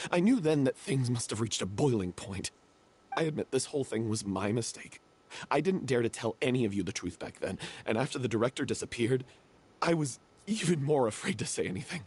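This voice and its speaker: A man's voice: mid-range voice, darkish tone, slightly rough. A man voicing a remorseful young theater troupe member in a game cutscene, confessing with guilt and self-reproach.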